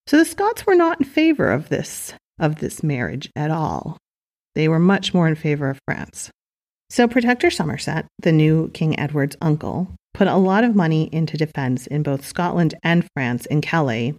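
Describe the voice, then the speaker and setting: A woman's voice: low voice, very animated, normal speed, a little mellow. A woman narrating history in an informal way, with wry, chatty asides.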